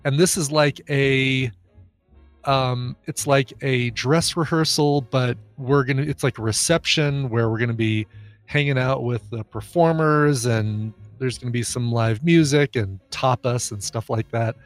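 A man's voice: mid-range voice, unhurried, faint music behind. A man co-hosting a podcast, chatting casually, teasing and tossing in silly sound effects. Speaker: podcast co-host. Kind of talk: casual chat.

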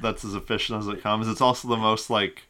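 A man's voice: on the low side, steady tone, quick pace, bright, forceful tone. A man co-hosting a casual sports podcast, talking as an eager fan with lots of fillers. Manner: enthusiastic fan, rambling with many fillers. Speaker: co-host.

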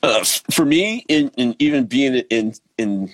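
A man's voice: medium pitch, unhurried, noisy background. A man from Baltimore, a drummer guest in a casual interview, talking in a laid-back, easygoing way with lots of ums. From Baltimore, Maryland. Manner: laid-back, relaxed, many ums and restarts.

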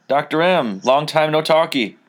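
A man hosting a casual wrestling podcast, telling a long story in a relaxed, rambling way with many fillers. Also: on the high side, moderate pace. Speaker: podcast host.

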